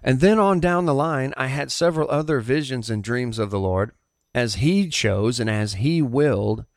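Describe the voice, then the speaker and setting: A middle-aged man with a Southern US accent shares a personal testimony as a pastor. His voice sits in an ordinary middle pitch. He speaks earnestly, with halting restarts, in a dry, close recording. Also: expressive, no room sound.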